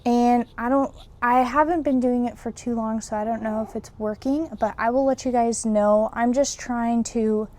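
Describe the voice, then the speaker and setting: A woman's voice: a little high, steady tone, moderate pace, few pauses, darkish tone. A young woman casually vlogging about her reselling business, chatty and full of fillers as she shows items to the camera. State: a little out of breath. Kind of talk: casual vlog narration.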